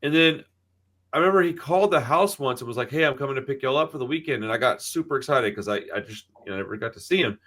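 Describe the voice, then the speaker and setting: He's a podcast co-host in his thirties, speaking quickly in a mid-range voice with a fairly bright tone. In casual conversation he tells foul-mouthed stories and does voices for the people in them.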